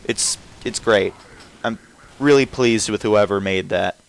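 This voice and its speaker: Rambling young man, smooth voice. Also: fairly low pitch, a little slow, poor audio. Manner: rambling, self-interrupting, trails off often. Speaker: gameplay commentator. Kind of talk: casual gameplay commentary.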